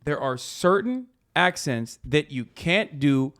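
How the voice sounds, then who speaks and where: A man hosting a casual live stream, reacting to posts with animated, profane commentary. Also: a little high, slow pace. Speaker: streamer host.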